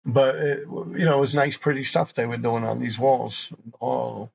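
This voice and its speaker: A man's voice: medium pitch, fairly even intonation, normal speed, gravelly, muffled recording, a little hiss or hum. A man hosting a graffiti show, telling rambling, profane stories in a casual way. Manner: rambling, profane, laughing often. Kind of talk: casual storytelling.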